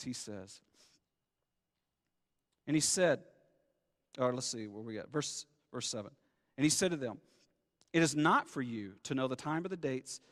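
A man preaching a sermon as pastor, conversational and animated, acting out the people he talks about. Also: fairly high pitch, long reverb tail.

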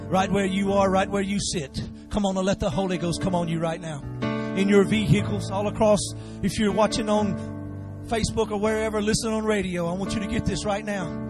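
A man from preaching a fiery revival sermon, swinging from shouted exhortation to low, intense urging and leading the congregation in call-and-response. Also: steady tone, a little fast, over music.

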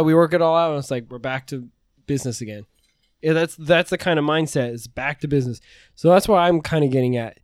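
A man's voice: fairly high pitch, fairly quick, no echo, clean studio sound. Rambling, profane man on a podcast. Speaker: podcast co-host. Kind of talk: casual chat.

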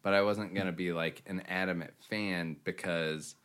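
Low-voiced rambling man in his thirties. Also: steady tone, moderate pace, a bit bright, smooth. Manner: rambling, lots of "like" fillers. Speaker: podcast co-host. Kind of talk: casual chat.

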